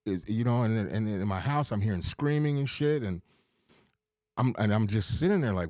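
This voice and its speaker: A man's voice: lowish voice, expressive, brisk, darkish tone, no echo, studio quality. A middle-aged man hosting a podcast, swearing as he rambles through a personal story with many restarts. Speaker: podcast host.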